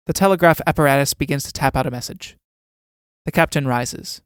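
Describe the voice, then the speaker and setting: A man reading a play's stage directions in an even, matter-of-fact way. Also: mid-range voice, fairly quick, clear, resonant tone, no room sound, studio quality. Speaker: reader and narrator.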